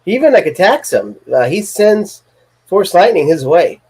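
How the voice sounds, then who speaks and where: A chatty co-host with a lively, swooping voice, quick to tease and laugh. Heard over a video call in an easygoing chat. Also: mid-range voice, slightly rough. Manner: chatty, laughs often, teasing. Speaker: podcast co-host. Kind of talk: casual chat reviewing comics.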